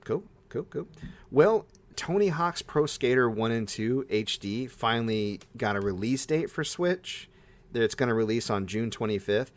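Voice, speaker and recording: A young man co-hosting a casual podcast, talking in an excitable, gushing way that jumps into high-pitched bursts. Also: a little slow. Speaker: podcast co-host. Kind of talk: casual chat.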